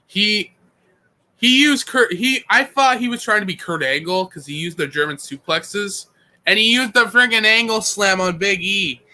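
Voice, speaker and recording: Young guy hosting a chill podcast, high bright voice, slangy and laughy. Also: lively intonation, normal speed. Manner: laid-back, slangy, laughs often. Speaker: podcast host. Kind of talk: casual chat.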